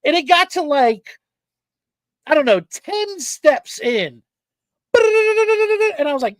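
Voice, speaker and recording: A man's voice: very high voice, takes it slowly, pauses often, no echo. A man hosting a casual podcast, telling a story with lots of energy and plenty of swearing. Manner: animated storyteller, swears freely. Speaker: podcast host. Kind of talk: casual chat.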